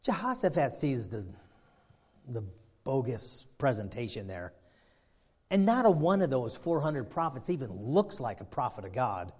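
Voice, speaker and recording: A man's voice: medium pitch, very animated, a little slow, a little mellow, husky. A man preaching a sermon, retelling a story in a folksy, rambling way. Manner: folksy, storytelling, many fillers and restarts.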